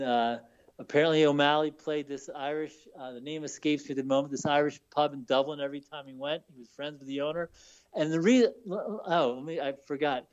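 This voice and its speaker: The author being interviewed on the radio is a Baltimore man whose voice runs on the high side, heard through dull audio. He tells casual stories loaded with fillers and repeated words.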